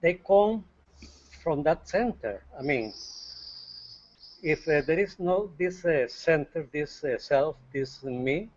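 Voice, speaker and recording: A man asking a tentative, soft-spoken question in a spiritual dialogue, unsure of his words. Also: a little high, animated, takes it slowly, lo-fi sound.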